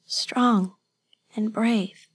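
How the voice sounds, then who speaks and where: A woman's voice: a little high, steady tone, extremely slow, breathy edge, full character voice. A woman reading a storybook and voicing a small, frightened young boy who gives short, simple, childlike answers. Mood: awed.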